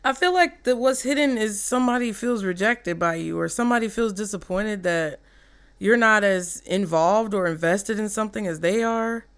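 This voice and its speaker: In a clear, resonant, fairly bright mid-range voice at normal speed, a woman chats through a casual tarot reading. She curses freely, does mock voices for quotes, breaks off to laugh, and trails off before restarting her sentences.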